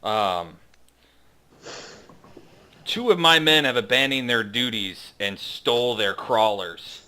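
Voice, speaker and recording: A man's voice: mid-range voice, lively intonation, slow, sharp tone, clear, resonant tone, full character voice. A man voicing a stern male dwarf patrol leader who barks commands and interrogates travelers. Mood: commanding.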